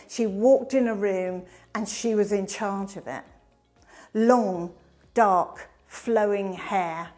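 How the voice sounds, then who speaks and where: A middle-aged woman tells her own life story as a presentation. She is an animated storyteller who swings from bright emphasis to hushed asides. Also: mid-range voice.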